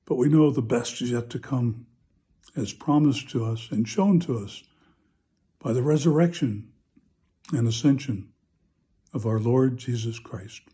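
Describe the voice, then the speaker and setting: A man, a parish priest, telling a humorous story in a relaxed, chatty homily, pausing often with "uh.". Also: mid-range voice, slightly rough.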